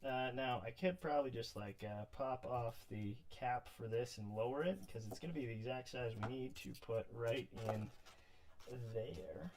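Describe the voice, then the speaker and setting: A man's voice: mid-range voice, moderate pace. A man building a model pirate ship on a livestream, chatting casually and muttering to himself as he works. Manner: relaxed, muttering to himself between steps. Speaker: miniature crafter livestreaming a build. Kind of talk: casual thinking aloud while crafting.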